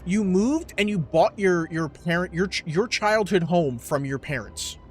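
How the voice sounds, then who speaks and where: Profane ranting man, lively pitch. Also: measured pace. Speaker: podcast co-host. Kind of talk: casual movie review chat.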